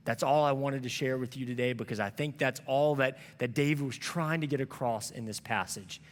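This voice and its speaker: A man's voice: medium pitch, brisk, big-room sound. A man preaching a sermon as a pastor, telling a story in a conversational, earnest way. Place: church sanctuary.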